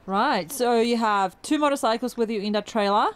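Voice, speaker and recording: A woman's voice: a little high, normal speed, clean tone. A woman hosting a travel vlog, interviewing people in a casual, enthusiastic way and laughing easily. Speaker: travel vlogger host. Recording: noisy outdoor camera audio.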